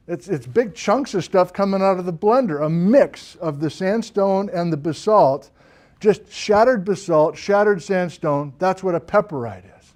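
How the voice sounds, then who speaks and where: Animated male geology lecturer. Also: high voice, unhurried. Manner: animated and enthusiastic, loud at times. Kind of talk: classroom lecture. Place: university classroom.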